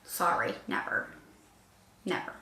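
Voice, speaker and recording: A woman's voice: slow, bright, forceful tone. A young woman chatting casually as a reaction video guest, talking emphatically and repeating herself. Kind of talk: casual chat. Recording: echoey room. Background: faint music.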